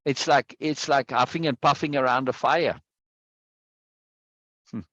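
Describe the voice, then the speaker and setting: A man talks through ideas in a reflective, explanatory teaching style, steadily checking that his listener follows. His voice sits at a middle pitch. The recording is dull and slightly lo-fi, and the room sounds dry with no echo. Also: fairly even intonation, a little slow, a bit bright. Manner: explanatory, often checking in with "right?". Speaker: discussion leader.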